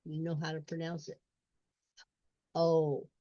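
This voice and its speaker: Slow, gravelly woman walking through a lesson. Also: lowish voice, a little mellow, no room sound. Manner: slow, stepwise, repeats sounds and words. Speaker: reading tutor. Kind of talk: instructional screen walkthrough. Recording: dull lo-fi recording.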